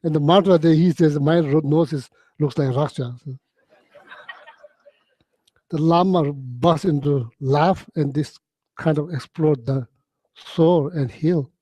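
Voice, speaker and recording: A man giving a Buddhist teaching, telling stories in halting, repetitive phrases with many "you know"s and frequent throat-clearing. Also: fairly high pitch, fairly even intonation, dark tone, no room sound. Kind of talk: storytelling dharma talk.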